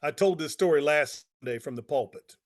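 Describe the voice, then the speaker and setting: A man, a pastor, giving a motivational talk with energetic storytelling and repeated phrases for emphasis. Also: fairly high pitch, fairly quick. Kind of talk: motivational talk to network marketers.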